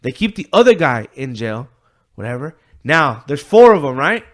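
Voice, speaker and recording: A podcast co-host with a medium-pitched, sing-song voice retells a story at normal speed. His casual chat rambles profanely, thick with fillers and quoted voices.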